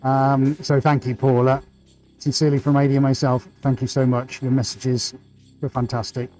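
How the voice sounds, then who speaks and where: A man's voice: medium pitch, level tone, normal speed, warm tone, soft background music, poor audio. A man hosting a live painting stream, chatting enthusiastically and playfully as he greets viewers. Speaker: livestream host and painter.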